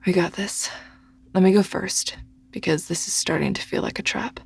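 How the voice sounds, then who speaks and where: An audiobook narrator voicing a blunt young female orc agent who speaks briskly, often in a hushed voice. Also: lowish voice, vocal fry, husky. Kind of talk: audiobook character voice.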